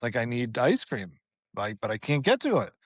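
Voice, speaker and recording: A man cohosting a podcast, telling an exasperated, animated story in casual chat with plenty of swearing. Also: mid-range voice, moderate pace, no echo. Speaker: podcast co-host.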